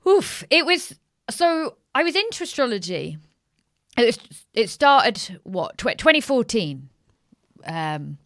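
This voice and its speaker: A woman in her thirties, an astrologer guest telling a story in casual podcast chat, animated, swearing casually and acting out the voices of people she quotes. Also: on the high side, no echo, clean studio sound.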